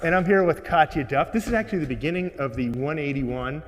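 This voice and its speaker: A man's voice: a little high, animated, quick pace, in a large hall, a crowd in the background. A man hosting on location outdoors at a street corner, introducing his guest in a friendly way with many fillers. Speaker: host.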